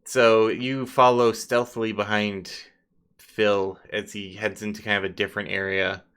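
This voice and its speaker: A man running a tabletop game, describing scenes in a loose, filler-heavy way. His voice is bright and slightly low. He ruffles along with "like" and "you know". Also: flat delivery, unhurried, clear, resonant tone. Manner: casual, filler-heavy narration. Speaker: game master.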